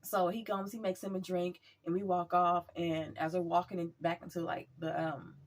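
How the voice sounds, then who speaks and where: A woman casually telling a personal story as a vlogger, chatty and animated, acting out quotes. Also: on the low side, normal speed.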